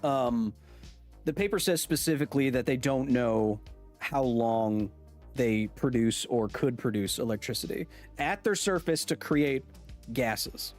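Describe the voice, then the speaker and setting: A thirtysomething man hosts a science podcast livestream, reading viewer comments and teasing chat in a loose, jokey way packed with fillers and restarts. His voice is medium-pitched with a darkish tone.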